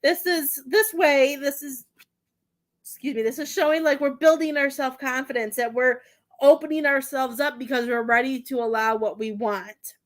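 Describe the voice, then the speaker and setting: A woman's voice: sits high, normal speed. A woman working as a psychic medium, chatting through a live tarot and mediumship reading in a giggly, rambling way with many fillers.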